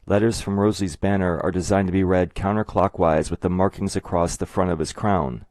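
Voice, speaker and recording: A man narrating a scripted explanatory video in a measured, methodical way. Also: deep voice, fairly even intonation, a little mellow, no echo. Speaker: video essayist.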